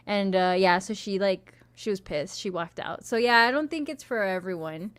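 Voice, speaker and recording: Young woman co-hosting a chatty podcast, swears a lot and acts out what people said, voice sits in a middle pitch, loose storytelling. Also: normal speed. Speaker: podcast co-host. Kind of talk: casual chat.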